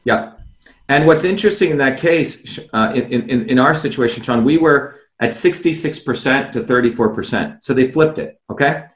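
A man's voice: mid-range voice, moderate pace, echoey room. A man guest on a video call, explaining insistently, asking rhetorical questions and addressing the host by name. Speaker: interview guest, former candidate.

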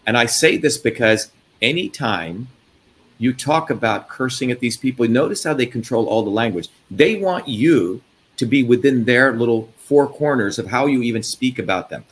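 A man's voice: medium pitch, expressive, normal speed. A man from India rants in a heated, profane torrent, hammering each point with emphasis. A faint hiss of background noise sits under his voice. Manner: profane, angry, emphatic ranting. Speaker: host. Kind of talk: heated interview talk.

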